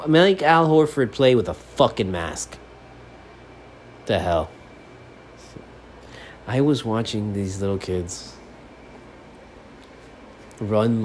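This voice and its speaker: This Miami man hosts a solo sports podcast from his apartment, his voice pitched fairly low and his pace slow with long pauses. He swears freely and swings between quiet, almost mumbled stretches and loud, animated ranting. A faint room hiss sits under the recording.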